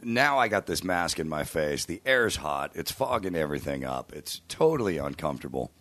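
A man who is a guest on a casual podcast, telling a story slowly and dryly. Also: a bass voice, very animated, fairly bright tone, no echo. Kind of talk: casual chat. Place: hotel room.

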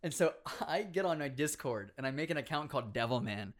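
A man in his twenties casually telling stories about competitive gaming, animated, laughing often and acting out quotes. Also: a little high, a little fast. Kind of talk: casual storytelling chat.

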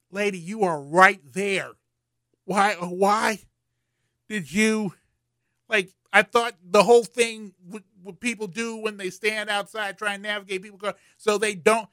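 A male podcast host with a high-pitched, sharp-toned voice talks alone, casual and rambling, with lots of fillers and restarts. He gets worked up telling an annoying story, recorded dry with clean studio sound.

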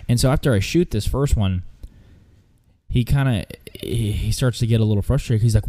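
A man's voice: mid-range voice, fairly quick, dark tone. A man recounting a hunting trip in casual, rambling storytelling with lots of fillers and restarts.

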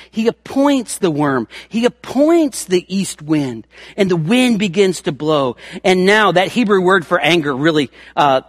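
High-voiced emphatic male preacher. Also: husky, dry recording, studio quality. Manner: emphatic, folksy preaching with dramatized scripture quotes. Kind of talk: sermon.

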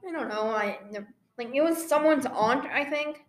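A woman's voice: high-pitched, normal speed. Chatty young woman in an echoey room. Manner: rambling storyteller, acts out quoted lines. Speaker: podcast co-host. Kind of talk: casual chat.

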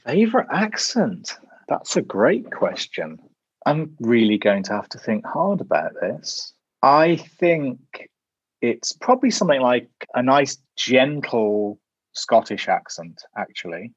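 A man's voice: medium pitch, sing-song, measured pace, breathy edge, dry recording. Thoughtful man with dry, muffled sound. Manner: thoughtful, musing, with frequent "sort of" hedges. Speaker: guest, journal editor. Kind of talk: casual interview chat.

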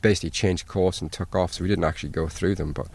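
Low-voiced sailboat captain telling stories. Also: male voice, quick pace, gravelly, husky. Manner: animated anecdotes, acts out quoted exchanges. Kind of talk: casual storytelling interview. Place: outdoors by an anchored sailboat.

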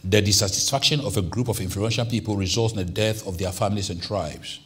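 A man preaching a sermon as pastor, swinging from hushed asides to loud, emphatic lines. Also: lowish voice, quick pace. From Nigeria.

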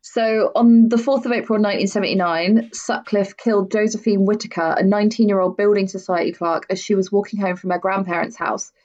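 A woman's voice: mid-range voice, steady tone, a little fast, hardly any pauses, a little mellow. Blunt woman telling crime stories. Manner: candid, blunt, swears freely. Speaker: podcast host. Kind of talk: casual true-crime storytelling. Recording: dull lo-fi audio.

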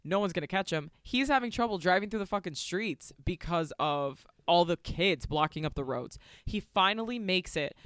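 Profane, animated woman recapping a film. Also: on the low side, moderate pace, few pauses, dry recording, clean studio sound. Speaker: podcast co-host. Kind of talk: casual movie recap chat.

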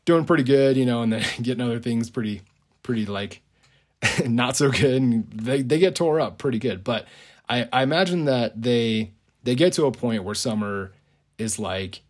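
A man's voice: medium pitch, lively intonation, moderate pace. A man casually retelling a movie idea on a podcast, rambling with lots of "like" and frequent chuckles. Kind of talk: casual storytelling.

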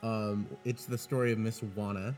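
Low-voiced man telling a story haltingly. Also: level tone, darkish tone, soft background music. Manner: halting, full of "uh" pauses. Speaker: podcast guest storyteller. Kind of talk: casual storytelling.

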